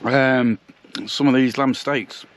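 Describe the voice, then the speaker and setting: A man's voice: medium pitch, fairly even intonation, slow. A man from England chatting casually to camera in a vlog, narrating what he eats at a campsite caravan. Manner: chatty, self-narrating while eating. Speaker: vlogger.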